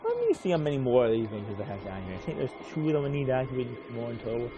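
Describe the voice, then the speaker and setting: A man's voice: medium pitch, very animated, very fast, dull audio, noisy background. A man giving rambling, casual commentary while streaming a game, swearing offhandedly now and then.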